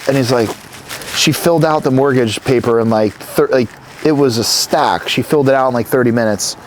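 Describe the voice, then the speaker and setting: A man's voice: mid-range voice, fairly quick, slight background noise. Rambling, profane man telling stories. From New Jersey. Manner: rambling, profane, animated storytelling. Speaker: guest, company founder. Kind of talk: casual interview conversation.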